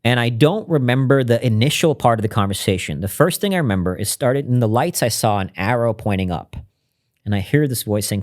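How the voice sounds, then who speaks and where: A man speaking as a guest on an interview podcast, in a lowish voice. He tells his story earnestly and reflectively, in conversation. At intimate moments he sinks into a quiet, hushed delivery. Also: fairly quick.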